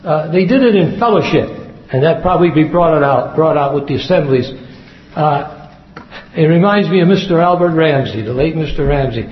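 A man's voice: on the high side, lively intonation, moderate pace. A man preaching a sermon in an earnest way, repeating key phrases for emphasis. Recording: echoey hall, dull lo-fi sound.

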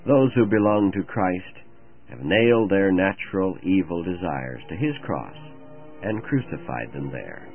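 A man's voice: low voice, a little slow, soft background music. A man hosting a devotional radio program, telling a story and reading scripture in an earnest manner on a narrow-band old broadcast. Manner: earnest, storytelling, expressive intonation.

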